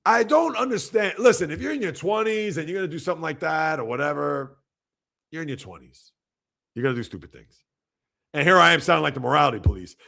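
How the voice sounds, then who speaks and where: A man's voice: a little high, animated, fast talker, vocal fry, bright, forceful tone. A man hosting a casual sports commentary livestream, rambling with rhetorical, exasperated asides.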